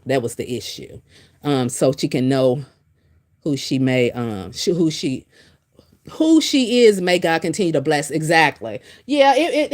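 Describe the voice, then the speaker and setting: A middle-aged woman hosting a casual gossip stream, talking back to viewer comments in a sassy, emphatic way and repeating points for effect. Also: fairly low pitch. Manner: reads and answers viewer comments. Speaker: livestream host.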